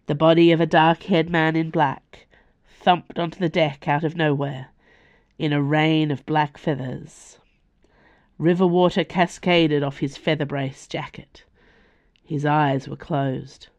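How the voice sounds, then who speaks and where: Slow, measured Australian woman narrating. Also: low-pitched, fairly even intonation, a little mellow, highs cut off. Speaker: author and podcast reader. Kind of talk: scripted narration.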